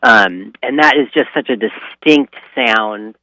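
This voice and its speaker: A man from California answers radio interview questions casually, pausing often and filling the gaps with ums. His voice has a middle pitch. The sound is dry, with no room echo. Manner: relaxed, hesitant, many ums and laughs. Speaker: guest.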